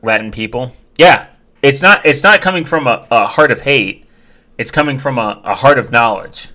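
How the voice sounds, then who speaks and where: Man, vlogger, bright tense tone, rambling joker, casual chat to viewers. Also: mid-range voice, expressive, moderate pace. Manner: rambling, jokey, lots of fillers and restarts.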